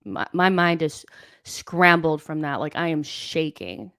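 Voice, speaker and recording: A young woman hosts a live football watchalong, reacting in exasperation and reading viewer messages aloud. Her voice sits fairly low. The sound is close and dry. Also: normal speed, smooth, no echo. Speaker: host of a football watchalong stream. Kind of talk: live watchalong commentary and chat.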